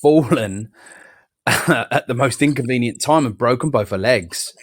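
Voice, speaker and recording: A man's voice: medium pitch, a little slow. A man, hosting a casual live chat and telling a personal story with quoted voices and swearing. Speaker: podcast host.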